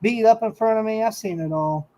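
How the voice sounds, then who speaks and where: A man's voice: high voice, fairly quick, warm tone, poor audio. A man who works as a news reporter, speaking casually in a matter-of-fact, emphatic way. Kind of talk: casual chat.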